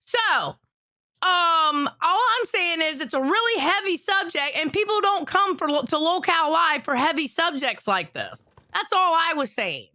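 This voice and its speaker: A woman with a high, bright, tense voice argues hard on a livestream, cutting back with sharp, profane retorts. Her pitch rises and falls a lot as she insists on being heard. The sound is close and dry. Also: expressive, normal speed, no echo. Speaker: co-host. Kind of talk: heated livestream argument.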